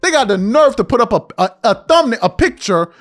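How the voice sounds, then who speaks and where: Man on a podcast, confrontational rant, swooping animated pitch, faint music behind. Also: a little fast. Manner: animated and confrontational, calling out listeners with rhetorical questions; mocks others by mimicking their speech. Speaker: podcast host. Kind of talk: heated commentary monologue.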